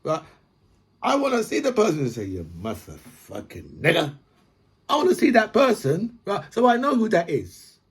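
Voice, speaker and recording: A man's voice: high voice, sing-song, fairly quick, slightly rough. A man hosting a podcast, delivering a blunt, profane political rant full of long analogies. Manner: swears freely, builds long analogies, repeats "right?". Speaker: podcast host.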